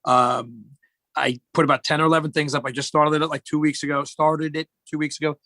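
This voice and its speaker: A man's voice: on the high side, little pitch movement, fairly quick, pushed and bright, no echo. A middle-aged man, a guest in casual chat, telling rambling joking stories.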